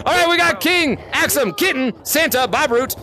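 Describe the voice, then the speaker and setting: High, bright-voiced excitable male streamer. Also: moderate pace. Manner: excitable, calls out names, laughs often. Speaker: gaming streamer and host. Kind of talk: live-streamed VR game chat.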